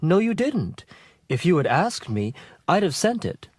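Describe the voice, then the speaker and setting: A man's voice: high voice, sing-song, a little slow, slightly rough, no echo, studio quality, exaggerated voice. An actor playing a young office worker who keeps apologizing for his mistakes. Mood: apologetic. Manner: apologetic, flustered.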